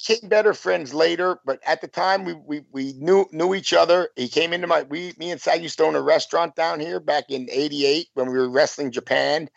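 A man in his fifties spins loose, rambling stories as an interview guest, stumbling through restarts and filler. His voice sits a little high and gravelly. The sound is dry and dull, lo-fi. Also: brisk, few pauses, no room sound. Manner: rambling, full of "you know" and restarts. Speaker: guest, former pro wrestler. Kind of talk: casual storytelling interview.

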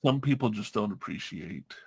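A man's voice: lowish voice, lively intonation, normal speed, heavy background noise. A man hosting a casual podcast chat, talking candidly and profanely, rambling through restarts.

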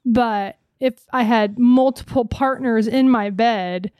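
A woman's voice: fairly high pitch, takes it slowly, a little mellow, no echo, studio quality. A woman in casual podcast chat, rambling and playful, repeating words as she goes.

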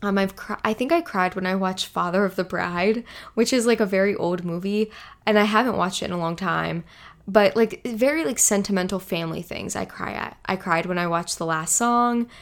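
A young woman in her twenties hosts a solo podcast through a podcast microphone, speaking at medium pitch and a moderate pace. She rambles casually, using lots of filler words.

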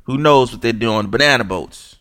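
A man's voice: medium pitch, moderate pace, a bit bright, no echo, studio quality. A young man hosting a sports podcast, delivering a furious, disgusted rant full of swearing and mockery. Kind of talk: angry profane rant.

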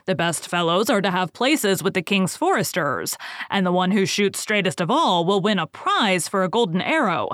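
A woman's voice: mid-range voice, big pitch swings, moderate pace, a bit bright, dry recording, clean studio sound. A woman voicing a boisterous, jolly middle-aged squire in a storybook reading, speaking with hearty cheer. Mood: jovial.

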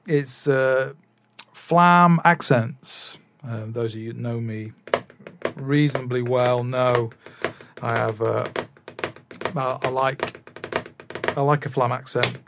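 A man's voice: mid-range voice, fairly even intonation, slow, pauses often, noisy background. A man chatting casually about drum practice, rambling with many fillers and restarts. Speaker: drummer vlogger. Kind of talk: casual chat.

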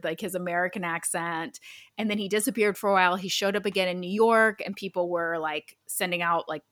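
A woman stand-up comedian telling an animated anecdote in casual chat, with lots of "like". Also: lowish voice, dry recording, studio quality. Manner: animated, quick bursts, lots of "like".

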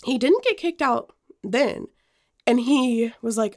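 A woman's voice: fairly high pitch, takes it slowly. A young woman co-hosting a podcast, telling a personal story in casual chat, full of fillers and restarts. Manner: animated storytelling with many fillers. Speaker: podcast co-host.

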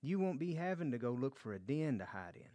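A man's voice: mid-range voice, big pitch swings, a little fast, mellow. A man leading a verse-by-verse Bible study, reading scripture aloud and explaining it in a conversational way, often repeating words and restarting phrases. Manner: reads scripture aloud, then explains it conversationally with acted quotes. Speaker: Bible teacher.

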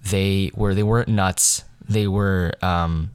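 A man's voice: low-pitched, fairly even intonation, takes it slowly, clean tone, dry recording. A teenage boy telling a long casual story about his school play, rambling with many fillers, restarts and laughs. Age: teens. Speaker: high school student vlogger.

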